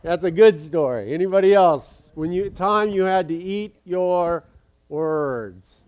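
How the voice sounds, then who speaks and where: A pastor talks to his congregation in a loose, joking sermon, full of "uh"s and restarts. His voice sits high for a man. It is smooth and clear. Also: slow, a little mellow. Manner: joking, chatty, many fillers and restarts.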